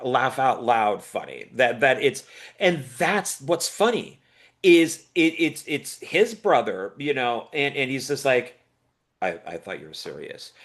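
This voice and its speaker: A man co-hosting a film review chat, casually retelling comedy bits in an animated way. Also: a little high.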